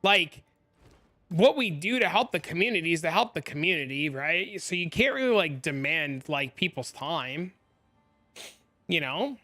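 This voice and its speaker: Bright-voiced young man venting on stream. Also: fairly high pitch, sing-song, a little slow. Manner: rambling, heavy use of "like", exasperated venting. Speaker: game streamer. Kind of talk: casual live-stream chat.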